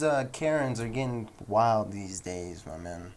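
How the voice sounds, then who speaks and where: With a low-ish, expressive voice and a darkish tone, this young American podcast host rambles unhurriedly through stories on his solo show, raising his voice to play the people he quotes. A little hiss or hum sits under the recording.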